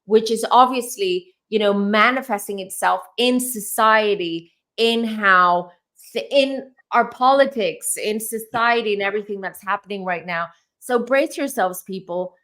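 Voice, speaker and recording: A woman's voice: mid-range voice, measured pace, hardly any pauses, a bit bright. Earnest, rambling woman clairvoyant. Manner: earnest, meandering, repeats herself. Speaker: tarot reader and clairvoyant host. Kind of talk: casual spiritual reading chat.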